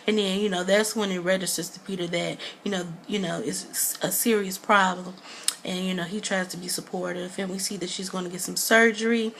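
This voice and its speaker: Brief: woman vlogger, middle pitch, chatty and rambling, gossipy review tone. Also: little pitch movement, fairly quick, vocal fry, a bit bright, a little hiss or hum. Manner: rambling and gossipy, full of "um" and "you know". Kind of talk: casual chat.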